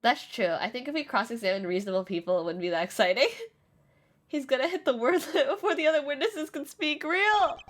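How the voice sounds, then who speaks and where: A woman's voice: sits high, expressive, brisk, slight background noise. A woman streaming a game, reacting with blunt, sarcastic commentary and frequent laughter. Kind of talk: casual gameplay commentary. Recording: game music behind.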